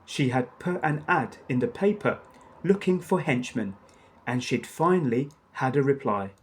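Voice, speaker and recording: A man narrating a children's storybook aloud in a measured storytelling manner. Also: medium pitch, lively intonation.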